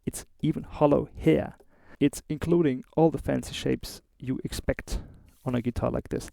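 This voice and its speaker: A man's voice: mid-range voice, steady tone, normal speed, creaky, mellow. A man with a German accent hosting a casual guitar review, chatty and informal with small asides. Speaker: host of a guitar review show.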